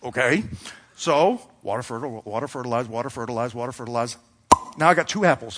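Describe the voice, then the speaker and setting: A man's voice: mid-range voice, lively intonation, brisk, fairly bright tone, long reverb tail. A man preaching a sermon in a conversational, storytelling way, acting out little dialogues as he goes. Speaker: pastor.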